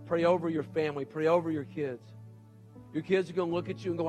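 A man's voice: fairly high pitch, normal speed, long pauses, faint music behind. A middle-aged man preaching a sermon as pastor, earnest and pleading, with repeated urgent appeals to his congregation.

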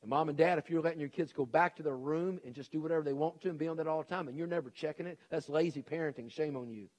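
A man's voice: fairly high pitch, quick pace, darkish tone, muffled recording. A middle-aged man preaching a sermon as pastor, earnest and pleading, with repeated urgent appeals to his congregation.

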